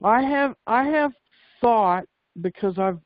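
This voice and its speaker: Man, high voice, caller, halting, dry, dull lo-fi line. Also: animated, no echo. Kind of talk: asking a question on a call.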